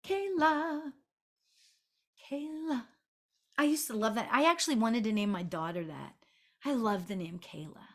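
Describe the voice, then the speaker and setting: A middle-aged woman medium talking through a live online reading in a chatty, sing-songy way. Her voice sits a little high, and she laughs easily and fills her talk with likes and okays. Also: lively intonation, a little slow, long pauses. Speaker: spiritual medium.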